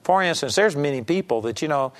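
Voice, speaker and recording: A man's voice: fairly high pitch, lively intonation, fast. A man with a Texan accent giving an earnest, folksy sermon as a Bible teacher. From Texas. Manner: folksy and earnest, acts out mock prayers. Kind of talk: conversational sermon.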